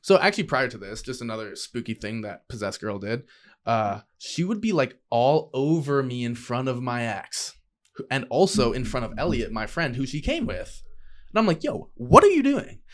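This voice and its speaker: A young adult man chatting as a podcast guest, loose and slangy, swearing freely as he tells his story. He gets animated and slips into voices for the people he quotes, with a middle-pitched, everyday tone. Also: normal speed. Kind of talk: casual conversational storytelling.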